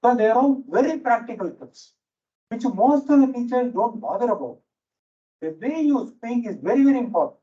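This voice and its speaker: Speaking at a moderate pace, this man has a very high-pitched, expressive, warm voice and an Indian English accent. He's a management teacher lecturing a room of teachers, weaving in stories and hammering home key phrases through repetition. A noisy fan runs in the lecture hall, and the audio sounds dull and far away.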